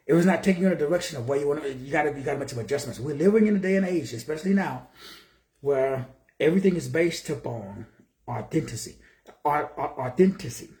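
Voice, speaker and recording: In an echoey office, a man in his sixties from Texas delivers motivational preaching in a voice on the high side and a little mellow. He poses rhetorical questions and calls out viewers by name.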